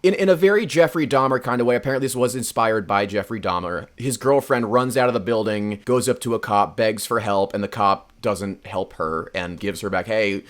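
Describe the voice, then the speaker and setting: A woman's voice: rumbling low, brisk, hardly any pauses. A woman co-hosting a podcast, recapping a film casually with a wry, sarcastic edge. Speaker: podcast co-host.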